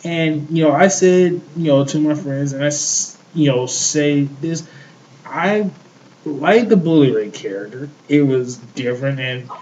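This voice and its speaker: A man's voice: on the high side, measured pace, darkish tone, dull audio, a little hiss or hum. A man co-hosting a show, ranting in heated casual chat, swearing often and repeating himself. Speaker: podcast co-host.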